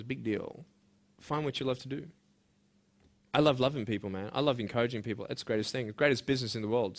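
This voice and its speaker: A young adult man giving an earnest, emphatic motivational speech to students, moving between hushed and loud passages. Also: medium pitch. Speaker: motivational speaker.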